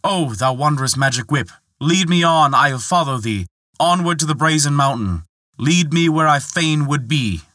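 A man's voice: medium pitch, very animated, brisk, bright, forceful tone, no echo, clean studio sound, voice pushed up. A man playing a bold young prince. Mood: commanding. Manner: raised, declamatory delivery.

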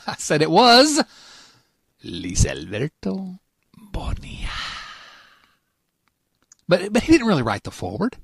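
A man's voice: high voice, huge pitch swings, fairly quick, fairly bright tone, breathy edge, dry recording. A man hosting a casual podcast, rambling and laughing often as he tells a story. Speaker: podcast host.

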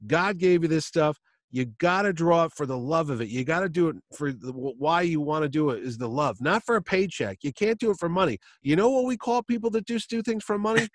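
A man putting on the voice of an irate male comic artist who lectures a young fan in a shrill, exasperated rant. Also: lively intonation, brisk, dry recording, studio quality, natural voice. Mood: lecturing.

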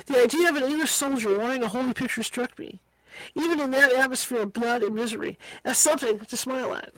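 A woman's voice: high voice, quick pace, a bit bright, no room sound, rough recording. A woman reading a book aloud as an amateur reader, tripping over hard words and slipping in casual asides. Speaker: audiobook reader.

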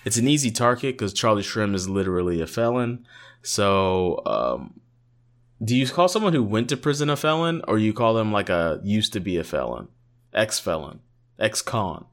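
Guy cohosting a podcast, lowish voice, rambly and jokey, kinda tired, lots of ums. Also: big pitch swings, moderate pace. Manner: rambling, filler-heavy, joking. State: tired, yawning. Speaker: podcast co-host. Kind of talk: casual chat.

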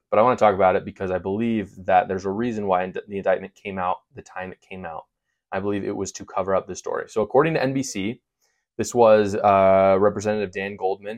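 A man's voice: on the low side, a little mellow. A man giving an emphatic, sarcastic political opinion monologue as the show's commentator.

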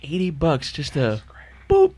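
A young man telling a story in a casual chat, animated and profane, acting out both sides of the dialogue. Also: medium pitch, fairly quick, a loud crowd. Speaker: podcast co-host.

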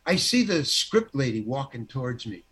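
An older man, an actor guest, telling an anecdote in an animated, self-deprecating way and acting out the dialogue. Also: medium pitch, moderate pace, slightly rough. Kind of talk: anecdotal storytelling.

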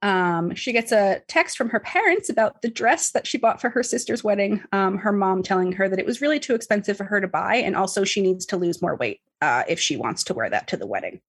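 Casting: woman host, husky, mid-pitched, chatty and loose with fillers and profanity. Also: expressive, a little fast, few pauses. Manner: chatty, filler-heavy, swears freely. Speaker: podcast host recapping a book. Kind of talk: casual chat.

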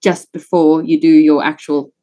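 With a low-pitched, dark voice and flat delivery at a moderate pace, a woman in her thirties guests on a podcast as a neuroscientist. Born in Italy and raised in South Africa, she has a British South African accent. She chats casually, laughing often and making fun of herself.

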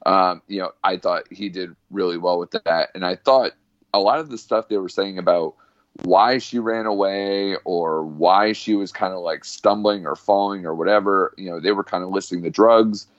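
Male podcast guest, low voice, easygoing rambling delivery, slightly muffled dry recording. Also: steady tone, normal speed, no room sound. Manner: rambling with many fillers. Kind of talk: casual podcast chat.

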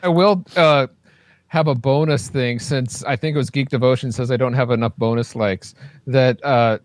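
A man co-hosting a casual movie review podcast, talking in a halting way with many restarts. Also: mid-range voice, fairly even intonation, no echo, clean studio sound. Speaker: podcast co-host.

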